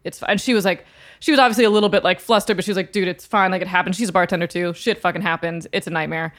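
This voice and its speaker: Woman, casual storyteller, blunt and profane, quick to laugh. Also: fairly low pitch, steady tone. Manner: candid, profane, laughs often.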